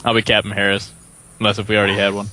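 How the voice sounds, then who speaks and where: A man's voice: on the low side, completely flat delivery, racing, background noise. A man co-hosting a podcast, reading screen directions aloud in a loose way and laughing as he goes. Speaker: podcast co-host. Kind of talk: casual screenplay read-aloud.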